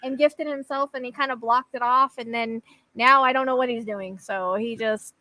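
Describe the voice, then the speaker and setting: A woman's voice: on the high side, fairly even intonation, moderate pace, pushed and bright, no room sound. A woman, a psychic guest on a podcast, chatting easygoing in loose trailing phrases. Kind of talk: casual chat.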